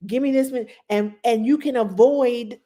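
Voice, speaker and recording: Brief: middle-aged woman, a nanny giving heartfelt advice, fairly high, soft mellow tone. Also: moderate pace. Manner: passionate, animated, acts out quotes in a high voice. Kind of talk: casual advice talk.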